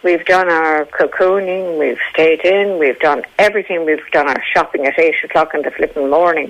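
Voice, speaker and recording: A woman's voice: low-pitched, rough recording. An Irish woman in her eighties, from Dublin, chatting forthrightly on a radio panel and telling stories. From Dublin, Ireland. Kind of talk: casual radio chat.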